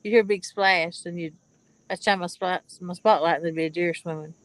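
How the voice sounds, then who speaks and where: A woman's voice: fairly low pitch, fairly even intonation, brisk, rough recording. A woman streaming live from a pontoon boat outdoors, chatting casually with viewers in a laid-back way and greeting them by name.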